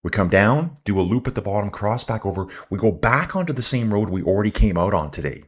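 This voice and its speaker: Deep-voiced man ranting on a live stream. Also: animated, quick pace, slightly rough. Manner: chatty, ranting, addresses viewers as dudes. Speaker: live race commentator and channel host. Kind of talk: casual live-stream commentary.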